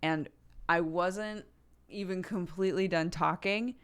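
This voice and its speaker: A young woman streamer casually telling a story, chatty and quick to laugh, with lots of "like" fillers. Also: lowish voice, smooth.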